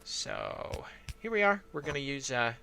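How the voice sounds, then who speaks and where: A man from Arizona talks his way through a game session in a loose, rambling commentary, thinking aloud between fillers. His voice is bright and lively, with pitch that swings freely. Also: measured pace, gravelly, faint music behind. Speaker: gameplay commentator. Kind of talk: casual let's-play commentary.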